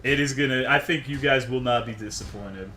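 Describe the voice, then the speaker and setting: Guy streaming and venting at chat, cusses nonstop, sharp bright voice. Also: mid-range voice, fairly quick, a little hiss or hum. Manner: profane, worked-up, swears constantly. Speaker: game streamer. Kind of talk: casual live-stream ranting to chat.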